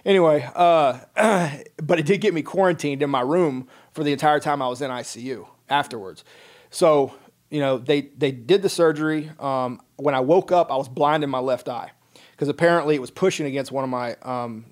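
A man's voice: on the high side, moderate pace. A middle-aged man, a military veteran, telling a personal story in a casual podcast chat, wry and plain-spoken, acting out the dialogue.

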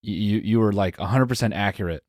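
A young man co-hosting a podcast, teasing deadpan and laughing often in casual banter. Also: lowish voice, fast, no echo, clean studio sound. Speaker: podcast co-host.

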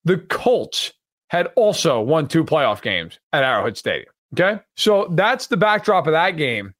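A man on a sports talk show tells stories with plenty of emphasis and the odd curse. His voice sits a little high for a man. The sound is dry, with almost no room echo. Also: big pitch swings, measured pace, fairly bright tone. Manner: storytelling, emphatic, swears freely. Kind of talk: casual sports chat.

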